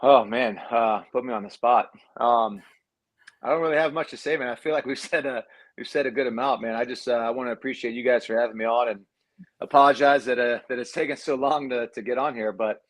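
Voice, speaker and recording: A former quarterback in his thirties, telling loose, profane stories in a casual interview and mimicking people in a raised voice. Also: a little fast. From Cuban heritage. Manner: laid-back, swears freely, acts out quotes in a higher voice. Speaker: former college quarterback, guest.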